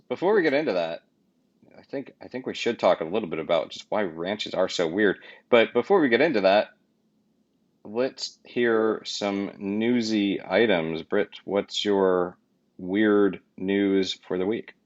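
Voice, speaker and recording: A man with a low-set voice co-hosting a podcast in loose, joking banter. He rambles, cuts himself off and circles back. The sound is a little dull and lo-fi. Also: unhurried. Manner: rambling, jokey, self-interrupting. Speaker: podcast co-host.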